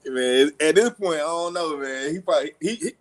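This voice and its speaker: A man's voice: a little high, animated, moderate pace. A man giving laid-back, amused commentary on a debate. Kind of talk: casual commentary. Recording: loud background noise.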